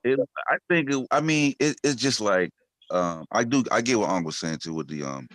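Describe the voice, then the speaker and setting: Bright playful dude, voice bouncing all over, teasing with questions, dry close sound. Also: male voice, lowish voice, lively intonation, brisk, no echo. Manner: teasing, laughs between questions. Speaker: podcast co-host. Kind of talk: casual chat.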